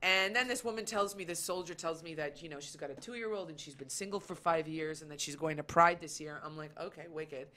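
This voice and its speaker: Woman, comedian guest, casual chat, bright voice, animated storyteller. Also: deep voice, fairly quick, hardly any pauses. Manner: animated storytelling, acts out quoted lines.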